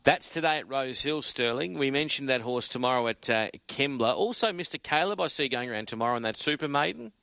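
A man's voice: medium pitch, expressive, brisk, creaky, hardly any pauses, pushed and bright. A man hosting a radio racing interview, casual, now and then stumbling over horse names.

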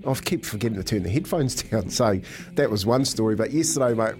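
A man's voice: on the low side, a little fast, soft background music. A man with a New Zealand accent, a radio co-host, telling a funny story and laughing as he goes. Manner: laughing, animated anecdote. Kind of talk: storytelling banter.

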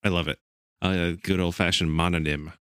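A man's voice: sits low, steady tone, normal speed, fairly bright tone, clean tone, no echo, studio quality. A man co-hosting a casual podcast, enthusiastically explaining a topic. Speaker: podcast co-host presenting the topic.

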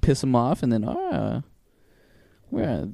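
A man's voice: mid-range voice, huge pitch swings, takes it slowly, gravelly, mellow, no room sound. A man on a casual podcast, making blunt, profane, laughing asides among friends. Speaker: podcast co-host.

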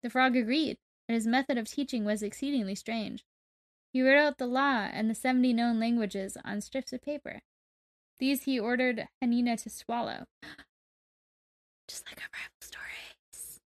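A woman's voice: on the high side, steady tone, moderate pace. A woman co-hosting a comedy podcast, reading a folk tale aloud in a playful manner with jokey asides. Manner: playful, laughs often at her co-host. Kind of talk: storytelling read-aloud with joking asides.

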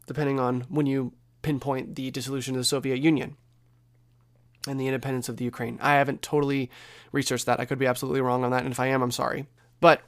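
Man from the US, casual news commentary, thinks aloud, restarts sentences. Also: medium pitch. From United States.

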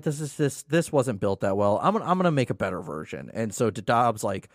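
A man's voice: mid-range voice, fairly quick, no room sound, studio quality. A man chatting casually as a podcast co-host, recapping a story, swearing now and then and acting out characters' lines. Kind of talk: casual chat.

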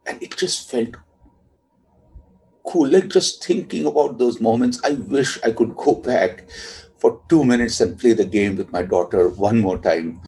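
A man, a father, telling a tender personal story in a soft, reflective way. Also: medium pitch, measured pace, low-quality recording.

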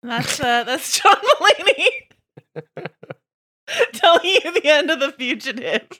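A woman co-hosting a podcast debate, talking in a quick, chatty, amused way. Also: sits high, sing-song, bright, forceful tone. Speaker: podcast co-host. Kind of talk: casual chat.

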